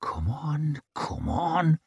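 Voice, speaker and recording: A man plays a restless young warrior who mutters and whispers under his breath, straining to be let loose. The storybook voice stays close to the narrator's own, low and hushed in a dry recording. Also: measured pace, no room sound. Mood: impatient. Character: eager young male warrior muttering impatiently.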